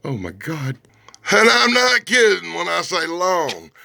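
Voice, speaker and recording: A man reviews a comic book out loud with a sarcastic, animated delivery. His high, gravelly voice swings widely between loud outbursts and low grumbles. The sound is dry and close, with a sharp, bright edge. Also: measured pace, no room sound.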